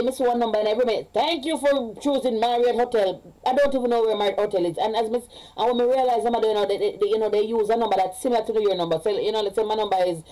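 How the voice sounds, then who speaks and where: A woman's voice: medium pitch, dark tone, poor audio. A Jamaican woman, a parent, talking casually in a vlog. She rambles, repeats herself and slips between English and patois. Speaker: vlogger.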